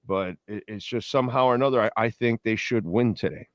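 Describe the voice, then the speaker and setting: This sports radio host speaks fairly quickly in a fairly low, slightly bright voice, captured dry and at studio quality. Hosting a pregame show, he riffs like a die-hard fan with strong opinions and reads out messages from his listeners off the chat board.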